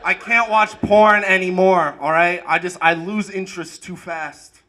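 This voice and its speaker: Male stand-up comic, high and bright, energetic club delivery with shouted peaks. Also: measured pace. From Arab American. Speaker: stand-up comedian. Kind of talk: stand-up comedy set. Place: comedy club stage with audience.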